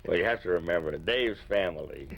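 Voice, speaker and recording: A man's voice: deep voice, animated, a little fast, creaky, lo-fi sound. An older man telling chatty, humorous anecdotes in an interview, chuckling as he goes. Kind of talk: interview storytelling.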